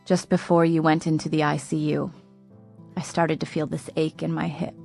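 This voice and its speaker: A woman reading the lines of a seriously ill young man in an audiobook, calm and subdued. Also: sits low, moderate pace, vocal fry, faint music behind, pitched below the performer's own voice.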